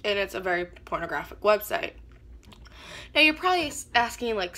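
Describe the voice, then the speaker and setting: A woman's voice: mid-range voice, very animated, brisk, pushed and bright. A woman vlogger telling a personal story to camera in a rambling, chatty way with many restarts.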